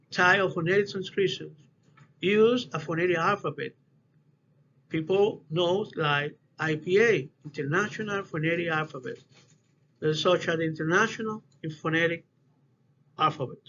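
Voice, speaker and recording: A man giving a class presentation, speaking haltingly and often restarting his phrases. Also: a little high, a bit bright. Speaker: student presenter. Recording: dull lo-fi audio with faint hiss.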